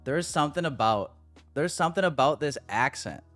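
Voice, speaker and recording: A man's voice: a little high, lively intonation, a little fast, fairly bright tone, faint music behind. An American man hosting a trading livestream, chatting casually and reading comments from the chat. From United States.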